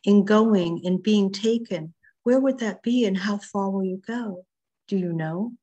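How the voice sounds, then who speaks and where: Woman, poetry reading, husky voice, slow measured delivery, video call. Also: medium pitch, highs cut off. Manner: slow, measured, softly rising and falling reading. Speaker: poet reading her work.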